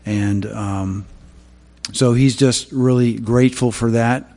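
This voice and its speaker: A man giving a sermon, opening with prayer and then telling Bible stories in a halting way with many fillers. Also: mid-range voice, steady tone, dark tone, in a large hall. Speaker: preacher.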